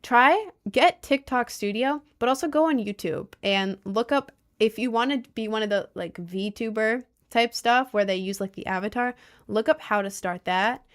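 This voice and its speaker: A woman hosting a casual livestream and answering chat, gushing and playful, with squealing leaps in pitch. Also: normal speed. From United States. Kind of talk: casual live-stream chat.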